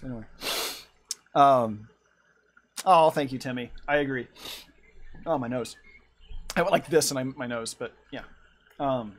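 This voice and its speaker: A man's voice: mid-range voice, a bit bright. A man streaming from his room at home, chatting casually and rambling while he draws and answers his chat. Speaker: art streamer.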